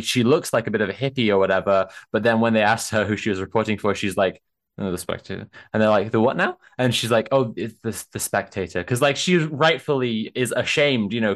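A young man telling an animated anecdote in casual conversation, with lots of fillers and swearing. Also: on the low side. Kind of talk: casual chat, storytelling.

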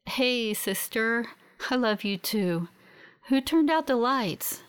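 A woman voicing a weak, injured young man who is drifting out of consciousness, speaking in a faint, halting murmur. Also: on the low side, gravelly. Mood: faint, drowsy.

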